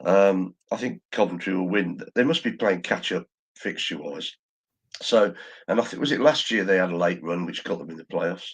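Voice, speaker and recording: A man's voice: low voice, normal speed, husky. A man, co-hosting a football chat with short, dry interjections. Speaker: co-host.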